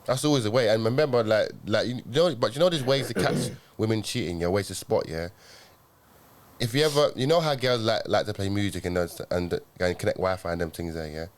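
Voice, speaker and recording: A man's voice: on the low side, brisk. Rambling man, casual slang. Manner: rambling storytelling, slang and filler tags like "yeah?". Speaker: podcast co-host. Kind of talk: casual chat.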